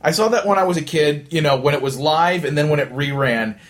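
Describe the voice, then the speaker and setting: A man hosting a podcast, telling an animated, rambling story in casual chat, full of restarts and asides. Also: fairly high pitch, fairly quick. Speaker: podcast host.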